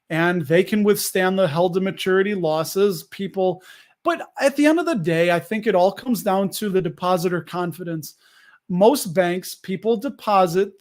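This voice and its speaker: High-voiced man hosting a live stream. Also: darkish tone. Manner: rambling, restarts sentences, answers viewers. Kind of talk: casual live stream chat.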